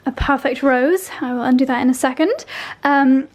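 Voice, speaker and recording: A woman's voice: high voice, moderate pace. A young woman vlogging at home in a casual, chatty way, gushing over deliveries as she unpacks them. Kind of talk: casual vlog chat.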